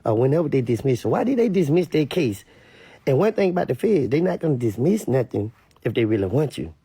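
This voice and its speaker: Gravelly Louisiana man ranting bluntly. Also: medium pitch, big pitch swings, a little fast, mellow, no echo. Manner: blunt, emphatic, repetitive. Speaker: online commentator. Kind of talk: casual commentary rant.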